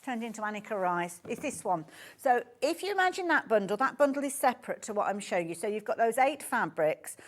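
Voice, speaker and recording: A woman's voice: on the high side, sing-song, fairly quick. A woman with a Birmingham accent presenting on a live shopping channel, chatty and gushing, often breaking off mid-sentence. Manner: chatty, gushing, self-interrupting. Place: TV studio.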